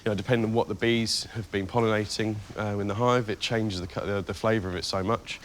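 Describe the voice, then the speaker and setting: A man's voice: lowish voice, steady tone, quick pace, slight background noise. A man competing in a cooking contest, earnest and a little hesitant as he explains his dish. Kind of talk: TV interview.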